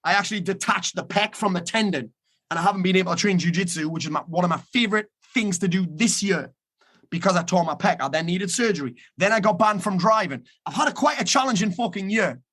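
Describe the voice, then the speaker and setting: A man's voice: high-pitched, fast, a bit bright, breathy edge. A man giving a blunt, emphatic motivational talk, swearing freely as he urges listeners to act. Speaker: motivational speaker.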